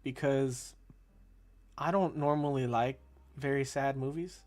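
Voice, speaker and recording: A man's voice: medium pitch, unhurried, a little mellow. A man guesting on a casual movie review chat, rambling in an easygoing way with frequent "yeah" and "like".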